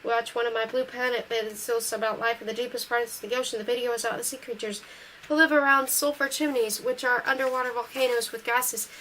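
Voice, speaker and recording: A woman reads a novel aloud in steady first-person narration. She reads quickly in a fairly high voice. Faint noise sits behind her. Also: low-quality recording. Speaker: audiobook reader.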